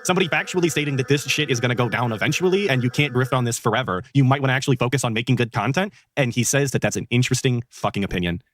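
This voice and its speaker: Brief: mid-pitched man host, sarcastic and profane, reacting to a clip. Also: rapid-fire, few pauses, a bit bright. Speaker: stream host. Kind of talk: reaction commentary.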